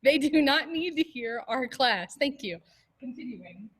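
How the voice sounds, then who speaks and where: A woman leading an online choir class and warm-ups, talking casually and jokily with lots of fillers over a video call. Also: sits high, expressive, a little slow, slightly rough. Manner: casual, joking, chatty with many fillers.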